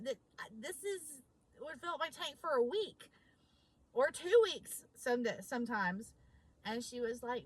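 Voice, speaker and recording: Woman, husky, higher-pitched, emphatic storytelling vlog. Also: unhurried, low-quality recording. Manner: animated, emphatic storyteller acting out both sides of a conversation. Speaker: vlogger.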